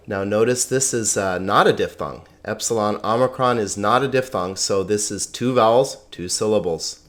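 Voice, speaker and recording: A man teaching a lesson, speaking slowly and carefully, sounding out words syllable by syllable and checking in with the class. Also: lowish voice, a bit bright. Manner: slow, deliberate, repeats words syllable by syllable; checks in with "okay?" and "right?". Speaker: Greek teacher.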